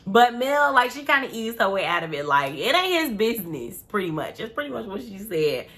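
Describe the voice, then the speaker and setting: Woman recap host, loose and opinionated, lots of "like" and "you know", bright tone. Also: a little high, very animated, fairly quick, slight background noise. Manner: chatty, opinionated, slangy with many fillers. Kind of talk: casual recap commentary.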